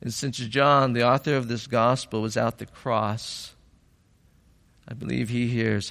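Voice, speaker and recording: A pastor's voice sits on the low side, level in tone, gravelly yet fairly bright. He preaches without hurry, pausing between phrases, and goes from reflective to fervently emphatic. The long reverb suggests a large hall.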